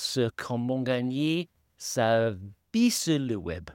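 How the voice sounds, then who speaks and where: A man hosts a podcast in a relaxed, rambling chat, joking at his own expense and trailing into fillers. His voice sits at an ordinary middle pitch. The sound is dry and close, with no room echo. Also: measured pace, clear, resonant tone. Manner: rambling and self-deprecating, many fillers. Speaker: podcast host. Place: holiday home indoors, at a laptop.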